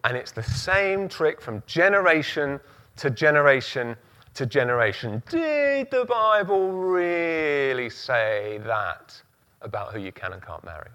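A man voicing a sly male devil who softly coaxes doubt with insinuating questions. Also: a little high, sing-song, unhurried, exaggerated voice. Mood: sly, coaxing.

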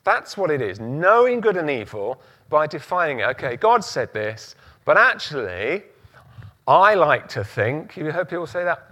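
A man's voice: fairly high pitch, sing-song, normal speed, sharp tone. A man preaching a sermon, using emphatic repetition and rhetorical questions.

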